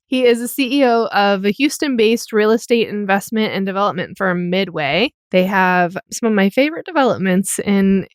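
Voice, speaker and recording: A woman's voice: mid-range voice, clear, resonant tone, dry recording. Woman, podcast co-host, dry close mic, easygoing chat. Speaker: assistant dean and podcast co-host. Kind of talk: casual podcast chat and guest introduction.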